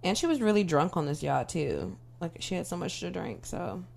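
A woman's voice: on the low side, sing-song, moderate pace, creaky, darkish tone. A woman co-hosting a casual chat, adding short agreements and dry asides.

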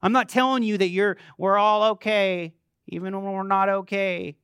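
A man's voice: high voice, steady tone, moderate pace, a bit bright, clean tone, dry recording, studio quality. A man preaching a sermon to his church, emphatic and calling out to the congregation. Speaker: pastor. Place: church sanctuary.

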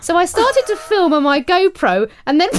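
A woman co-hosting a podcast, reading a listener's story aloud in an animated, giggly way. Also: extremely high pitch, a little hiss or hum. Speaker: podcast co-host.

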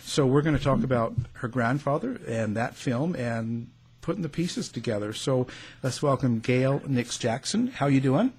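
A man with a Canadian accent hosts a relaxed interview, circling his points with fillers and asides. His voice has a husky, slightly breathy grain. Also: mid-range voice. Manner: rambling, filler-heavy, quick to laugh. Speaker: show host. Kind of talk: casual interview chat.

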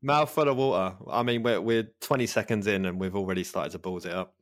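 A man's voice: lowish voice, brisk, no room sound, studio quality. A man with a London accent hosting a podcast, telling a rambling story in a laid-back, sweary way. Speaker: podcast host. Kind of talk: casual chat.

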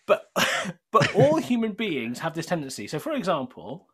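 A man's voice: a little high, moderate pace, husky. A middle-aged man, a guest in a casual chat, telling stories with lots of laughter. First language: not English. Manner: animated storyteller, laughs often.

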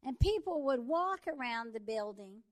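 A woman preaching a sermon, telling a story and building to fervent shouts. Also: on the high side, expressive, normal speed.

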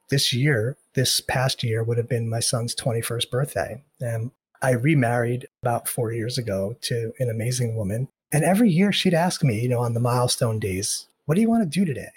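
A man's voice: medium pitch, husky. A middle-aged man as a podcast guest, speaking candidly in an earnest, reflective way and repeating phrases for emphasis. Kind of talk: candid interview talk.

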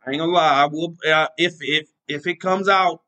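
Male solo podcast host, bright and forceful, slightly high, rambling and self-joking. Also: steady tone, normal speed, poor audio. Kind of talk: casual solo sports talk.

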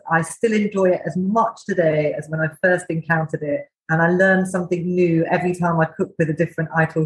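A woman's voice: lowish voice, poor audio. A woman guest in a casual podcast interview, talking enthusiastically about her cookery school. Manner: enthusiastic, chatty.

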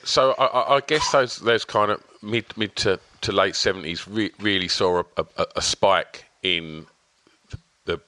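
A deep-voiced man hosts a podcast in a dry, close recording. He speaks in a halting way, often starting his words over. His tone is bright and forceful despite the low pitch. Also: dry recording. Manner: hesitant, many restarts. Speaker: podcast host. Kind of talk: casual interview chat.

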